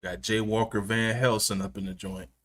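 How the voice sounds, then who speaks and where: A man's voice: on the low side, level tone, normal speed, a bit bright. A man live-streaming from his gaming chair at home, chatting casually with viewers, joking and laughing often.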